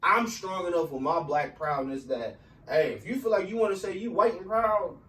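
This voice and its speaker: Animated man in an echoey room. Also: high-pitched, normal speed. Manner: animated, profane, many "you know what I'm saying". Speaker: podcast co-host. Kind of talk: casual chat. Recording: echoey room, mic at a distance, faint noise.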